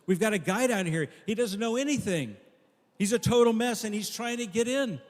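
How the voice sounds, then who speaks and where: A man's voice: sits high, moderate pace, voice pushed up. A pastor voicing a flustered, fussy male angel who stammers as he questions a newcomer at heaven's gate. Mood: panicked. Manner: stammering, fussy, rising panic. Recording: long echo of a large hall.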